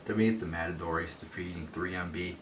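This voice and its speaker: Speaking fairly quickly with fairly even intonation, a man rants his way through a solo wrestling review into a phone, swearing and rambling with many fillers. He's recorded from a distance, with roomy off-mic echo and faint rumble.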